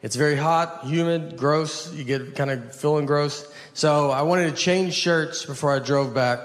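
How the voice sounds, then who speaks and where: A man from Tennessee, in his thirties, doing a rambling, deadpan, self-deprecating stand-up set on a theater stage. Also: fairly high pitch, unhurried. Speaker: stand-up comedian. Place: theater stage with a laughing audience. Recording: live stage recording with clear noise.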